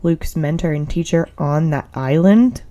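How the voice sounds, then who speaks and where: A woman's voice: deep voice, unhurried, dark tone. A young woman co-hosting a podcast, chatting casually and meandering with many fillers. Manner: heavy use of "like", meandering. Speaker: podcast co-host.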